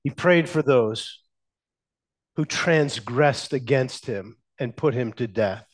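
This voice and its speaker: A male pastor delivering a sermon at an unhurried pace, letting each phrase land before moving on. His voice sits at an ordinary middle pitch. He leans on pauses for emphasis and puts questions to his listeners. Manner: slow, measured preaching with emphatic pauses; addresses the congregation with questions.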